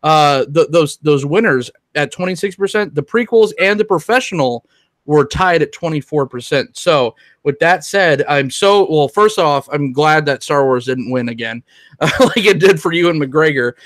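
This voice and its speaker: A man's voice: a little high, lively intonation, moderate pace, a bit bright, no room sound. A man co-hosting a casual podcast chat, rambling with many restarts. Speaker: podcast co-host.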